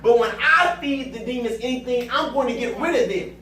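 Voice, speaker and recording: A man's voice: very high-pitched, lively intonation, fairly quick, a bit bright. A man preaching to a Bible study group, exclamatory and call-and-response. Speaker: pastor leading Bible study. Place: church room with group. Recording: roomy echo, distant mic, background noise.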